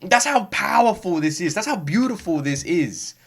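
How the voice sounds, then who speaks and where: A man hosting a music reaction, talking casually and effusively, rambling with halting restarts and some swearing. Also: sits high, lively intonation, gravelly, fairly bright tone. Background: game soundtrack playing faintly.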